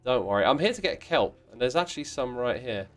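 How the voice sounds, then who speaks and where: Animated, playful male livestream host. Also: medium pitch, fast talker. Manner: playful, mock-indignant, exclamatory. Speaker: livestream host playing a block-building game. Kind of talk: casual livestream chat reading viewer messages.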